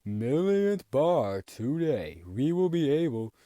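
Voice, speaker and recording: A man's voice: a little high, very animated, takes it slowly, warm tone, dry recording, clean studio sound, voice pushed up. A man doing a pompous vegetable factory boss.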